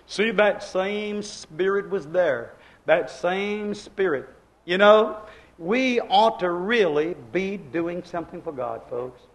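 High-voiced fiery male preacher. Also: lively intonation, slow, rough recording. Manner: swings from hushed asides to shouted exclamations; repetitive, emphatic preaching cadence. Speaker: pastor. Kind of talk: Pentecostal-style sermon.

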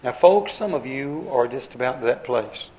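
A man's voice: mid-range voice, lively intonation, normal speed, dark tone, rough recording. A man preaching a sermon in a folksy, conversational way, repeating his phrases and using plain, homespun grammar.

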